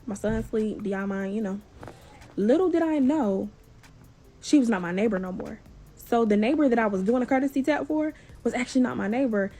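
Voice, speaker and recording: A woman vlogger telling a story in a casual, animated, profane way, acting out each person's lines. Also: on the high side, fairly quick. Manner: animated, profane, acts out dialogue.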